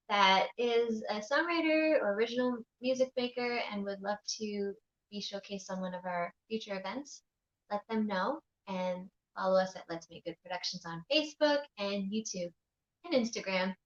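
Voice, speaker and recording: A woman's voice: medium pitch, moderate pace, reverberant, dull audio. A woman hosting an online music stream, introducing the show in an upbeat, chatty way. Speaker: host.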